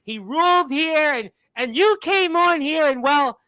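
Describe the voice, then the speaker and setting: A man's voice: very high-pitched, animated, unhurried, pushed and bright, dry recording, low-quality recording. A man hosting a wrestling talk show, rambling in a folksy way and often repeating his words. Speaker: radio show host.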